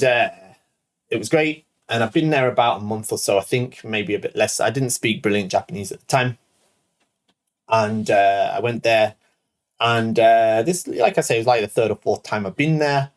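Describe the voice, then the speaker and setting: A man in his thirties, a show host, telling a rambling personal anecdote full of "like" and "right?". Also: lowish voice. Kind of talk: casual storytelling.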